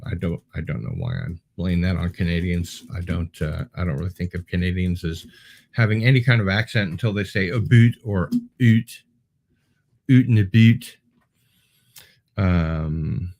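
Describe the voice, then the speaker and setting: Lower-voiced man rambling through viewer comments. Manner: rambling and digressive, with many ums and restarts. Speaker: show host. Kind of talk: casual livestream chat, answering viewer comments.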